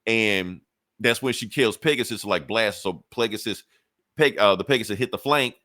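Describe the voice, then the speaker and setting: A man's voice: on the low side, moderate pace, pushed and bright, no echo, studio quality. A man on a podcast casually retelling a comic book story, loose and profane, laughing often. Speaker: podcast co-host.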